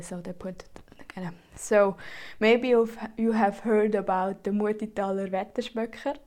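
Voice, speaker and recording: A woman's voice: mid-range voice, darkish tone. A woman from Switzerland with a Swiss German accent, giving an informal spoken presentation in hesitant English full of fillers and the odd German word. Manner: hesitant, many "like" and "um" fillers, slips into German words.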